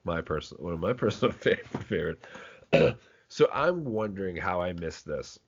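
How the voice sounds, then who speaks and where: Deep and expressive with a breathy edge, this man talks at normal speed as a podcast co-host. His casual movie chat rambles along with frequent restarts and offhand swearing, and the audio is dull and lo-fi.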